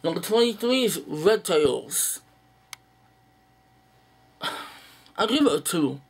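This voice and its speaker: A young man with a slightly high voice, rambling through an unedited list in a casual monologue. He is blunt and profane, sighing and stalling with fillers as he goes. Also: lively intonation, breathy edge. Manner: blunt, profane, dismissive opinions; sighs and halting fillers. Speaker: movie vlogger.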